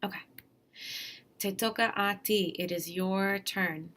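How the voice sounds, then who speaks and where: A woman's voice: medium pitch, steady tone, slow, fairly bright tone. A woman teaching Spanish over a slide lesson in a chatty, encouraging, plain-spoken way.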